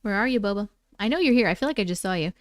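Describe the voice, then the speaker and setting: A woman hosts a livestream, casually chatting with viewers and reading their stories aloud, playful and chatty with some casual swearing. Her mid-range voice has lively intonation and moves very fast. The studio sound is clean with no echo.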